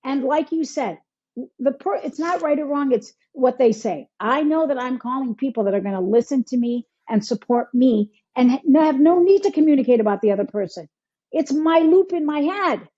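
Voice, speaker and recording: A woman's voice: sits high, expressive, moderate pace, warm tone, husky. A woman from Michigan, a healer and coach, speaking in an interview and acting out inner self-talk in quoted voices. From Michigan, United States. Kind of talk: conversational interview. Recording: dull lo-fi sound.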